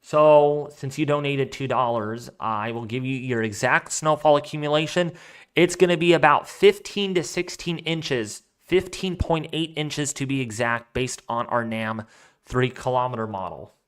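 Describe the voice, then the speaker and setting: A man's voice: mid-range voice, moderate pace, a bit bright, smooth. A man hosting a weather live stream, chatting casually and rambling as he thinks aloud while reading out viewer donations. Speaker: weather livestream host.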